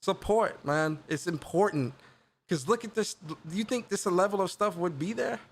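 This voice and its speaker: A man with a notably high-pitched voice talks through a game reveal in loose, slangy commentary. He gets excited and circles back on his own phrases again and again, like a gaming channel host chatting with viewers. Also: normal speed. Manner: slangy, excited, repeats himself. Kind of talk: casual reaction commentary.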